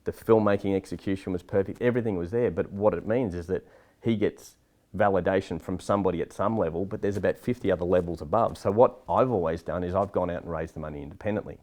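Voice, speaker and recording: A man's voice: deep voice, fast talker. A middle-aged man, talking bluntly and with energy in a casual interview about filmmaking. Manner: blunt, animated, swears casually. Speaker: filmmaker guest.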